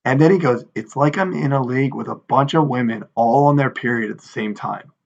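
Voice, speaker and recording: A man in his thirties co-hosting a podcast, telling an animated story in casual chat and acting out quoted lines with exasperation. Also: mid-range voice, a little fast, gravelly, dull audio. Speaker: podcast co-host.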